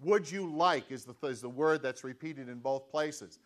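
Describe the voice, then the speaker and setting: A pastor preaches in a loose, conversational way, circling back with restarts. His voice sits a little high for a man, and he drives his points home with repeated, emphatic questions. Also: animated, normal speed, few pauses, a bit bright. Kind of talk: sermon.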